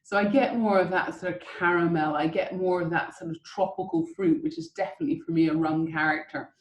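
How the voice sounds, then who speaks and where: A woman's voice: fairly low pitch, fairly even intonation, fairly quick, echoey room, lo-fi sound. A woman hosting a guided whisky and chocolate tasting over a video call, chatty and enthusiastic as she coaches the listeners.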